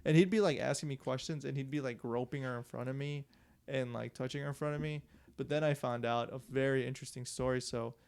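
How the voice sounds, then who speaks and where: Male podcast co-host, gravelly, mid-range, rambling and profane. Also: medium pitch, steady tone, fast, darkish tone. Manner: loose, profane storyteller with frequent "like" and laughs. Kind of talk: casual podcast chat.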